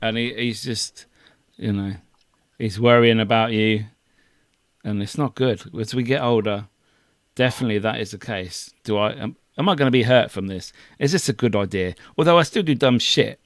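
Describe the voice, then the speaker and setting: A man co-hosting a podcast, joining the chat in a relaxed way with short reactions. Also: on the low side, moderate pace, no echo, clean studio sound. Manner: laid-back, chimes in with short reactions. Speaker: podcast co-host. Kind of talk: casual chat.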